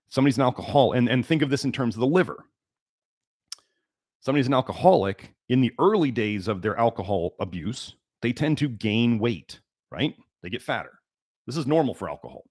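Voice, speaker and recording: Man, livestream health host, emphatic lecturer who hammers key words, mid-pitched voice, dry close sound. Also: darkish tone, slightly rough, no echo.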